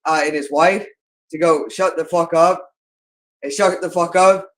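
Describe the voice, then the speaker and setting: A man with a slightly raised pitch speaks straight to his viewers in a rambling monologue. He sounds agitated and accusatory, and he circles back to the same phrases again and again. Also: fairly even intonation, measured pace, a bit bright.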